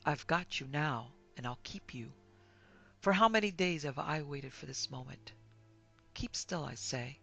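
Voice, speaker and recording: A woman voicing a bitter disfigured blind man bent on revenge, speaking in a quiet, coaxing, menacing way in a horror audiobook. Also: deep voice, measured pace, creaky, soft background music, full character voice.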